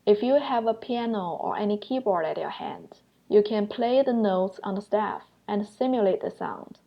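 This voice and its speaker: A woman's voice: mid-range voice, normal speed, vocal fry, lo-fi sound. A young woman teaching an online language lesson, patiently explaining points step by step and sounding out examples aloud.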